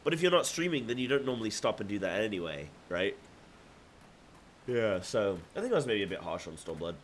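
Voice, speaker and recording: A man's voice: lowish voice, big pitch swings, fairly quick, a little hiss or hum. A male streamer chatting casually while playing, musing aloud and restarting words as he reads. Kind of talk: casual game-stream commentary.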